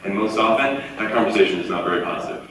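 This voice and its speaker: A man in his forties giving a live motivational talk, telling stories in an animated way and acting out the voices of the people he quotes. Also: lowish voice, very fast, a little hiss or hum. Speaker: motivational speaker. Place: large auditorium. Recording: echoey hall from far off, faint ambience.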